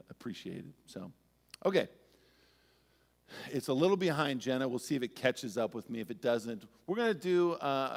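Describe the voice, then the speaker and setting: A man's voice: medium pitch, a bit bright. A male pastor giving a sermon in a conversational, storytelling way with touches of humor. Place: church sanctuary. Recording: church sanctuary with long reverb.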